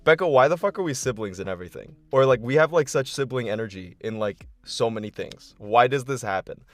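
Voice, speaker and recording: A man chatting casually as a podcast guest, quick and joking, talking expressively. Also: medium pitch, expressive. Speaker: guest and dungeon master. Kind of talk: casual chat.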